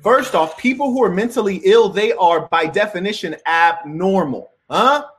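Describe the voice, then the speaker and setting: Guy w a high voice preaching over a clip he's reacting to, moralizing tone. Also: normal speed, a bit bright. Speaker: commentator. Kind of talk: reaction commentary.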